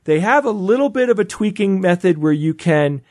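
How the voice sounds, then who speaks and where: A man with a slightly high voice chats eagerly on a podcast panel, often restarting his sentences as he explains. The recording is dry and close, with no room sound. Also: animated, normal speed, a little mellow, dry recording. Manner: enthusiastic, explanatory, frequent restarts. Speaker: podcast co-host. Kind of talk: casual panel chat.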